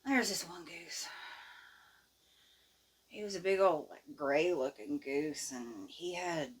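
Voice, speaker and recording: A woman telling a childhood story in a folksy, animated, plain-spoken way. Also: lowish voice, takes it slowly, breathy edge. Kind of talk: casual storytelling.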